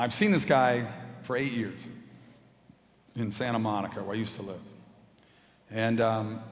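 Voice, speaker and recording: Man giving a testimony in an echoey hall. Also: mid-range voice. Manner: storytelling, animated, with acted-out quotes and jokes. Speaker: guest speaker. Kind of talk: personal testimony speech. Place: large auditorium.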